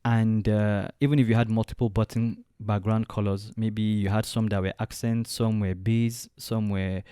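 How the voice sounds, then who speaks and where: A man walking through a design software tutorial step by step, thinking aloud as he clicks along. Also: fairly low pitch, level tone, normal speed, clear, resonant tone, no room sound, studio quality. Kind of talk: screen-recorded software tutorial.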